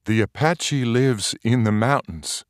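A man's voice: medium pitch, slow, dry recording, studio quality, pitched above the performer's own voice, close to an everyday voice. A man voicing a stubborn, brave young frontier mother who speaks firmly and plainly. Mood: firm, defiant.

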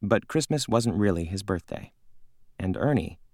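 An audiobook narrator with a low voice reads a story in calm, measured, scripted narration. The recording is dry, with clean studio sound.

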